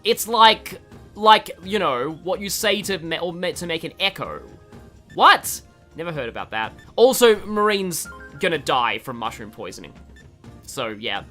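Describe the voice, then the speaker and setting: An Australian-accented gaming streamer gives rambling, casual let's-play commentary with lots of fillers and restarts. The voice is medium-pitched, bright, and forceful, with big pitch swings at a moderate pace, and soft music plays behind it.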